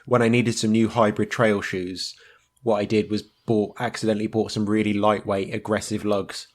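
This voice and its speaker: A man's voice: lowish voice, flat delivery, normal speed. A man co-hosting a podcast, chatting in a rambling, easygoing way. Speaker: podcast co-host. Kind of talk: casual chat.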